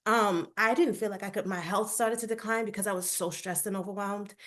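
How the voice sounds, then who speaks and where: A woman on a video-call panel recounts her experience as a parent in a candid, emotional way, often slipping into quoted back-and-forth. Her voice sits at a middle pitch for a woman. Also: steady tone, fairly quick, fairly bright tone. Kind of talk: personal account on a webinar panel.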